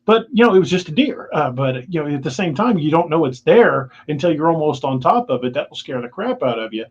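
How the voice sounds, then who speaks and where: A man's voice: fairly high pitch, sing-song, fairly quick. A man telling outdoor stories as a guest, rambling and repeating words. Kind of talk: casual storytelling. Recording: dull lo-fi sound.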